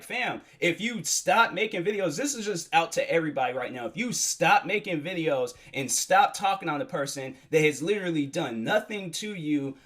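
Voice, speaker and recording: A man's voice: fairly high pitch, fairly bright tone. A young man hosting a solo podcast, talking in a casual, rambling, earnest way with many fillers and restarts. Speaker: podcast host.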